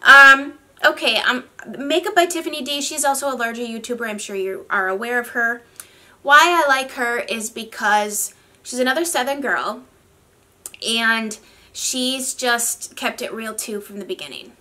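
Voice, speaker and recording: A woman from the northern United States chatting casually as a beauty vlogger, rambly and quick to laugh. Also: fairly high pitch, pushed and bright. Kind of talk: casual chat.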